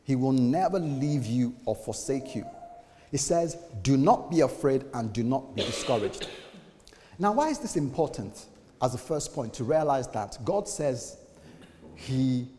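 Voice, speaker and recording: A man's voice: medium pitch, expressive, unhurried, warm tone, long reverb tail, slight background noise. A man preaching a sermon as a pastor, speaking in a conversational way and acting out the voices of people he quotes.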